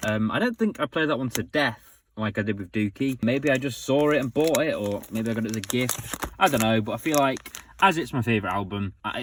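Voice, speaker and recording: A man's voice: mid-range voice, a little hiss or hum. A young man casually chatting through his music collection, enthusiastic and full of fillers like "so, yeah". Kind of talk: casual show-and-tell vlog.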